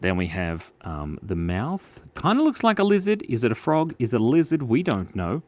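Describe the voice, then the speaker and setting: A playful Australian man hosts a kids' drawing stream, chatting and joking with viewers as he sketches. His voice swoops up and down constantly. He sits at a medium pitch for a man. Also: huge pitch swings, moderate pace, no room sound. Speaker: art stream host. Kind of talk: live drawing stream for kids.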